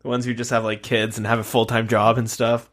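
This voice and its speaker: A man's voice: mid-range voice, level tone, fairly quick, a bit bright. A man co-hosting a podcast in casual chat, dropping wry quips and short reactions. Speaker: podcast co-host.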